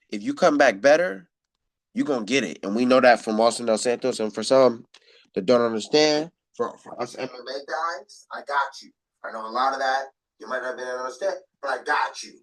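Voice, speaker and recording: A man's voice: mid-range voice, distant mic. A man hosting a podcast, giving rambling, motivational sports commentary with lots of repetition and fillers. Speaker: podcast host.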